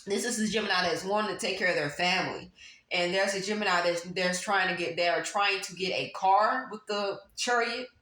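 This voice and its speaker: A woman's voice: mid-range voice, a little fast, bright, forceful tone. A woman giving a casual tarot reading to her viewers, talking emphatically and repeating phrases for stress. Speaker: tarot reader. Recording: roomy echo, faint background noise.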